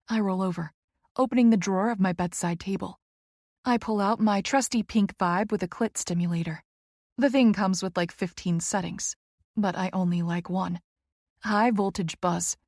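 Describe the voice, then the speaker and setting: Female romance audiobook narrator, low and gravelly, hushed intimate first-person reads, dry close mic. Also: fairly even intonation, normal speed, no echo.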